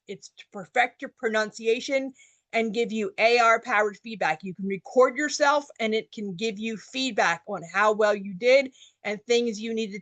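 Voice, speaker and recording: A woman leads an online workshop in a fairly high voice, walking through each point plainly and restating it in new words. She is getting over a cold, and her voice sounds close and dry with no room around it. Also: a bit bright, dry recording. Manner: plain, explanatory, repeats points in other words. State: getting over a cold, coughing now and then. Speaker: workshop presenter.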